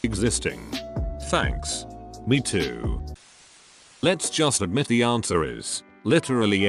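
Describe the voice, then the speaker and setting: A man with a lowish voice reads out online comments as a narrator, his pitch rising and falling widely from line to line. He spells out acronyms letter by letter in an unhurried read. Music plays clearly underneath him. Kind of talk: reading online comments aloud.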